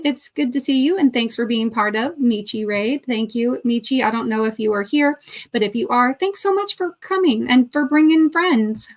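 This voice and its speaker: A woman's voice: on the high side, moderate pace. A woman hosting a casual livestream, chatting and greeting viewers by name between laughs. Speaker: crochet livestream host. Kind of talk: casual livestream chat reading viewer comments.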